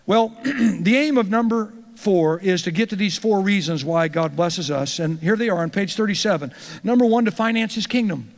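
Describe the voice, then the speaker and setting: A male pastor with a high voice talks to church leaders in a loose, storytelling way, stumbling over repeated words as he starts a point. His voice rings with long reverb from a large church hall. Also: moderate pace. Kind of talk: teaching talk to church leaders.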